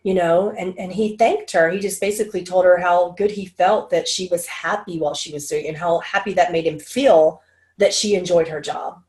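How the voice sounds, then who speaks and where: Middle-aged woman guest, casual interview, lively and animated, voices quotes higher. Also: normal speed. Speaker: interview guest, channel and medical intuitive.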